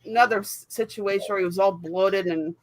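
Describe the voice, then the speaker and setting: A woman's voice: mid-range voice, brisk, dry recording, rough recording. A woman co-hosting a casual chat, telling rambling stories and laughing often. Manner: chatty storyteller, laughs often. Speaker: co-host.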